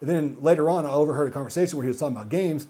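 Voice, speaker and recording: A man hosting a gaming video who rants heatedly and profanely, swinging between loud outbursts and muttered asides. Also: fairly high pitch, very fast, slightly rough. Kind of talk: solo rant monologue.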